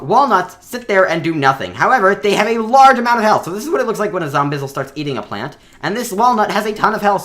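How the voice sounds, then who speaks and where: Guy doing let's play commentary, super excited and rambly, bright voice bouncing up and down. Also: mid-range voice. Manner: enthusiastic, rambling, with many fillers. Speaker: gaming video host.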